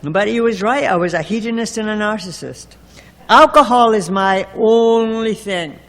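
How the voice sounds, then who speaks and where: At a recovery meeting, a woman who is a recovering alcoholic tells her story to the group with candid, wry, self-mocking humor. Her voice sits in the mid range, fairly bright, at a moderate pace. The recording echoes around the meeting hall.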